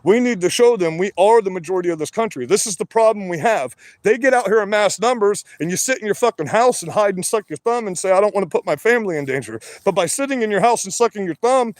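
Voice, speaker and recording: Loud, rambling man, dry sound. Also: sits high, lively intonation, fast, no echo. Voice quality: always sounds like he is yelling. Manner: loud, rambling and profane, with many "you know"s. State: wired on energy drinks. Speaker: livestreamer. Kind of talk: livestream rant. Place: his work shed. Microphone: phone.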